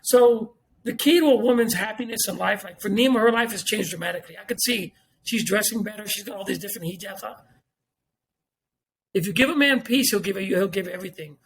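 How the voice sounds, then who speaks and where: Middle-aged male podcast guest, very high voice, rapid-fire blunt delivery full of cursing and repetition. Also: a bit bright. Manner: blunt and profane, repeats points for emphasis. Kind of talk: casual podcast talk.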